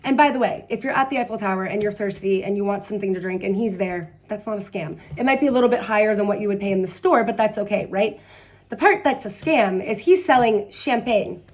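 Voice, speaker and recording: A woman's voice: mid-range voice, fast. A woman from the United States giving travel advice in a casual vlog, blunt and sarcastic, telling stories in a chatty way. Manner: chatty, animated storytelling with quoted voices. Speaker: travel vlogger.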